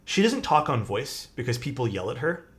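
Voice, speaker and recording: With big pitch swings around a medium pitch and a normal speaking speed, a young man streams from his desk, building a keyboard and telling a rambling story. He says "like" constantly and swears some, as faint music plays.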